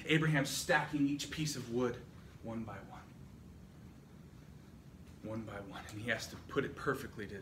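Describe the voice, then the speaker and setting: A man preaching a sermon in a church hall, retelling a story with dramatic rising and falling intensity. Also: medium pitch. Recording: echoey room, distant mic, noisy.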